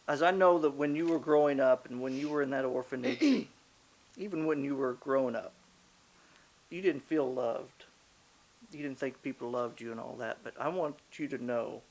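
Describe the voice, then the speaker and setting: Male interviewer, earnest and warm in his words, fairly high pitch. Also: rough recording. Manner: earnest and affectionate, speaking slowly. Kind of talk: sit-down interview.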